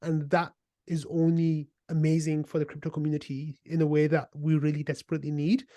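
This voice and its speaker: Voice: mid-range voice, flat delivery, fairly quick, warm tone, no echo. A podcast host in casual interview chat, eager and chatty with lots of "like".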